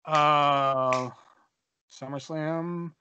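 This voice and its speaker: A young man co-hosting a podcast, telling a story in a casual, animated way, swearing and acting out the dialogue. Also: fairly high pitch, drawn-out words, dull audio, a little hiss or hum. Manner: animated, profane, acts out dialogue. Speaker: podcast co-host.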